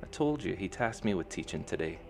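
A man's voice: deep voice, expressive, brisk, gravelly, over music. A man reading a novel aloud, voicing an easygoing, confident young man who speaks in a casual, matter-of-fact way.

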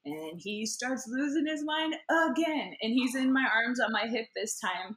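Bright-voiced woman telling a wild story. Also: fairly high pitch, normal speed, hardly any pauses. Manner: animated storyteller, acts out voices, laughs often. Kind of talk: casual chat.

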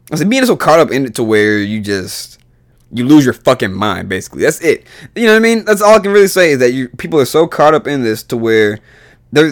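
Profane ranting man, lively pitch. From United States. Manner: profane, exasperated, voice jumps up when heated. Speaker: podcast host. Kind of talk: solo podcast rant.

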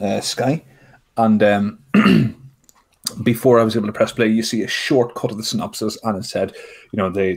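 A man's voice: lowish voice, husky. A man co-hosting a podcast, talking in a wry, rambling way with restarts. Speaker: podcast co-host. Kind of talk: casual podcast chat.

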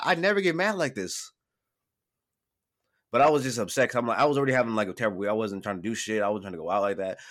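A man co-hosting a podcast, telling a story in casual chat, animated and swearing freely, getting over a cold. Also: medium pitch, quick pace. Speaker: podcast co-host.

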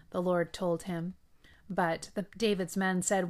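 A woman hosting a daily Bible reading, reading scripture in a measured way with brief asides. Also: fairly low pitch, flat delivery.

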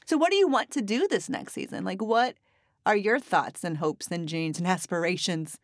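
A woman's voice: medium pitch, moderate pace, no echo, clean studio sound. A woman hosting a casual podcast, chatty and playful, joking and laughing easily with her co-host.

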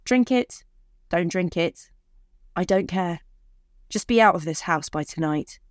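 Cold dismissive guy, curt lines, slow and dry, woman doing him. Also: on the low side, expressive, no echo. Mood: contemptuous. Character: cold, contemptuous young man.

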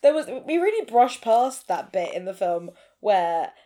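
A woman chatting casually about a film, swearing freely and acting out its lines in quick voices. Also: mid-range voice, sing-song, mellow. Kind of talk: casual chat reviewing a film.

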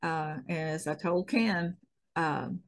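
Speaking low and steady, a middle-aged Southern US woman who works as a stunt woman chats as an interview guest. Her manner is relaxed and folksy, never hurried, with frequent chuckles throughout the casual conversation.

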